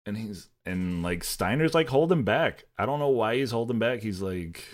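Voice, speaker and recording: A man's voice: fairly low pitch, lively intonation, moderate pace, hardly any pauses. A young man co-hosting a podcast, chatting casually about a film in a rambling, profane way with frequent laughs. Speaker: podcast co-host.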